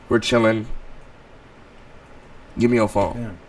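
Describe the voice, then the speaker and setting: Speaking at a moderate pace, a man tells his stream a wild personal story in casual, profane slang, swinging between low mutters and loud outbursts. There's a slight hiss or hum in the recording.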